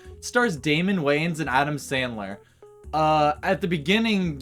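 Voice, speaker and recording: A young man co-hosting a movie review chat, talking casually with lots of "like" fillers and recapping plots. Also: on the high side. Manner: relaxed, filler-heavy with "like". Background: soft background music.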